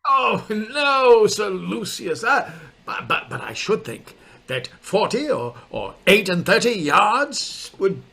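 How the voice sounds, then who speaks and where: A man's voice: sits high, sing-song, takes it slowly, gravelly, bright, forceful tone, breathy edge, exaggerated voice. A man playing a nervous, stammering squire. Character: cowardly young country squire. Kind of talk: stage comedy acting.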